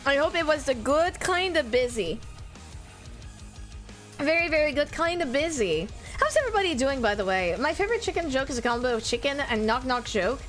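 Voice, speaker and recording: A woman streamer, a native French speaker, chatting casually and reading her chat aloud, bubbly and excitable. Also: high voice, fairly quick, faint music behind. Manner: bubbly, excitable, squeals greetings to viewers.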